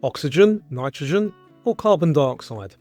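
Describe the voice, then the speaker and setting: A man hosting a scripted quiz show, reading out questions and answer choices in a clear, measured way. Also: a little high, animated, darkish tone, dry recording, faint music behind. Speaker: quiz host.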